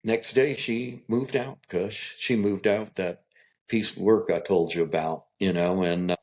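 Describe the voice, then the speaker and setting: Middle-aged man, husky low voice, animated storyteller, dull lo-fi sound. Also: measured pace. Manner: animated storyteller acting out quotes. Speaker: guest. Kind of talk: storytelling in a podcast interview. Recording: dull lo-fi recording.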